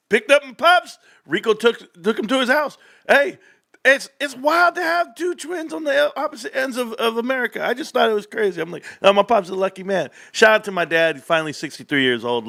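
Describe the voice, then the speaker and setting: A man in his thirties hosting a casual livestream, rambling and animated, laughing often as he talks. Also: on the high side. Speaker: host.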